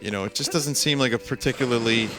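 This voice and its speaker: A man's voice: medium pitch, fast, over music. A man streaming a video game, casually telling a long story with lots of fillers, restarts and amused asides.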